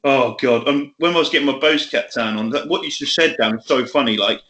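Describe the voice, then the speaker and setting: A man's voice: mid-range voice, brisk, sharp tone, reverberant. A man co-hosting a podcast, telling stories in casual chat, laughing and swearing a lot. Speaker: podcast co-host.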